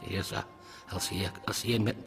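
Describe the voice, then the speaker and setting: Hushed halting man. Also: fairly low pitch, steady tone, creaky. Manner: halting, quiet, trails off, restarts words. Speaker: former prisoner interviewee. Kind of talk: documentary interview recollection. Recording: music bed under the voice.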